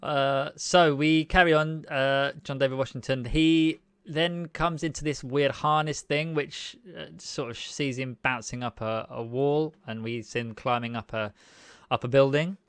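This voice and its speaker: A man in casual film chat, with a smooth, resonant voice recorded dry and close. He talks in a breezy, enthusiastic way, happy to tease his co-host. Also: mid-range voice, steady tone, a little slow, hardly any pauses, fairly bright tone, no echo.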